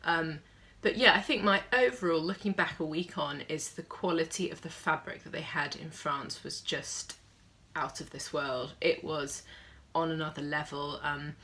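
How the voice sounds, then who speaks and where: A woman's voice: low-pitched, normal speed, hardly any pauses, sharp tone. A young woman chatting casually to camera as a sewing vlogger, with plenty of fillers.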